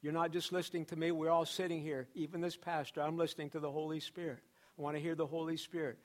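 A man's voice: fairly high pitch, level tone, quick pace. A pastor preaching a sermon to his church, building emphasis through repeated phrases. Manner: preaching with repetition and rising emphasis.

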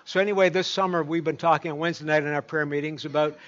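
A man's voice: on the high side, fairly even intonation, fast, a bit bright. A man preaching a sermon as pastor, folksy and rambling, with many fillers and restarts. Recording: dull lo-fi recording.

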